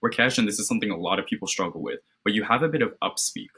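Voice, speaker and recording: Encouraging man with a husky, bright voice. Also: on the low side, rapid-fire. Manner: encouraging, structured, many "right?" tags. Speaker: mock interviewer giving feedback. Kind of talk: interview feedback. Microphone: video call.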